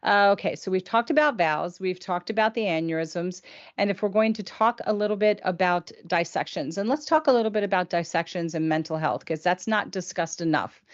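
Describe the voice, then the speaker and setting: A woman's voice: lowish voice, brisk, lo-fi sound. Chatty woman hosting a live Q&A. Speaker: host. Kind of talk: live Q&A interview.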